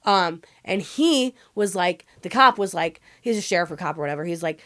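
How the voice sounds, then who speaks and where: A woman's voice: lowish voice, expressive, pushed and bright. Woman guest telling her story candidly. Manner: rapid, emotional retelling with frequent "like" fillers and swearing. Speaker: podcast guest.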